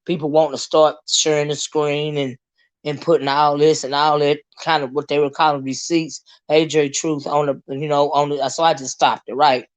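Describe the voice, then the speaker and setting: A hoarse woman, hosting a casual livestream, greeting viewers and chatting with many fillers and asides. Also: low-pitched, little pitch movement, normal speed. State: hoarse, lost her voice. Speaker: livestream host.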